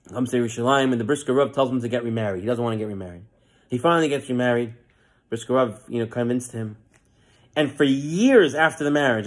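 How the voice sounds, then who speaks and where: A man giving a sermon as a rabbi, telling stories and acting out the quoted lines. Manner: storytelling with lively acted quotes and frequent rises in pitch.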